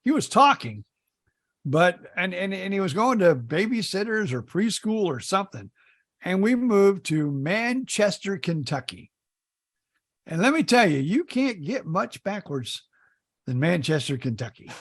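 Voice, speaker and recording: A man's voice: sits high, very animated, a little slow. A middle-aged man from Indiana co-hosting a podcast, telling folksy stories in casual chat. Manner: storytelling, folksy, repeats words when starting. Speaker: podcast co-host.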